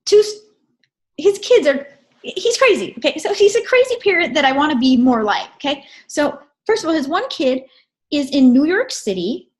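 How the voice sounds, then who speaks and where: A woman presenting a casual, storytelling recap of a training event. She talks in an animated way and keeps checking in with her listeners. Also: sits high, normal speed.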